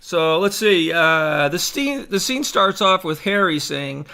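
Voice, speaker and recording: A man's voice: sits high, expressive, slow, gravelly, sharp tone. A man who is a stage actor, chatting in a casual vlog in a rambling, self-mocking way into a desk microphone.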